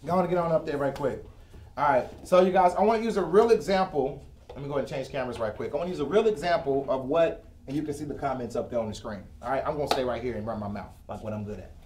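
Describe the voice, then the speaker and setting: A man's voice: medium pitch, fast, a little mellow, a little hiss or hum. Chatty man teaching in an echoey room. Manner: casual, joking, chatty teaching. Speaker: host and financial educator. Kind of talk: live-streamed finance lesson. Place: broadcast studio with a whiteboard.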